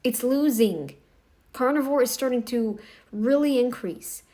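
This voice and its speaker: A woman's voice: a little high, expressive, a little slow, mellow. A woman giving casual reaction commentary in a blunt, scolding, emphatic way.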